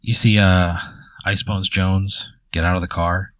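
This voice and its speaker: A man's voice: deep voice, little pitch movement, unhurried, a bit bright, dry recording. A man narrating an improvised tabletop story as game master, in a casual, hesitant way. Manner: casual, hesitant, full of fillers.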